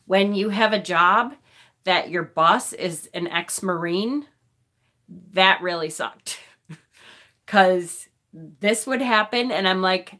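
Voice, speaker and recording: A woman's voice: mid-range voice, measured pace, a bit bright. Tearful woman in her forties. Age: 40s. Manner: emotional, tearful, laughing and swearing. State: crying. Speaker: live-stream vlogger. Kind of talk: casual live-stream chat. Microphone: phone.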